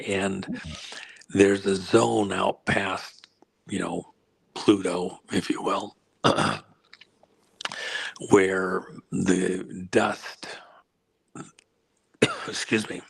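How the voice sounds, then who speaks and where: A man being interviewed as a guest, explaining at length while losing his voice, often clearing his throat and pausing on fillers. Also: low voice, flat delivery, low-quality recording. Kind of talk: rambling explanatory interview answer.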